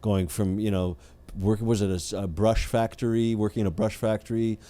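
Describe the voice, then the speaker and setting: A man with a fairly low, mellow voice talks in a relaxed podcast chat. He sounds wry and skeptical, pausing often on fillers as he works through a thought. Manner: wry, critical, hesitant with many fillers. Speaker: podcast co-host. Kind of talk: casual chat.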